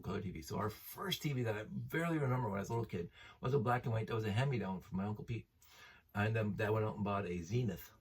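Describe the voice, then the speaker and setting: A man's voice: fairly low pitch, breathy edge, distant mic. A man in his fifties chatting casually as host, rambling and enthusiastic, laughing often as he talks. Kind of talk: casual chat.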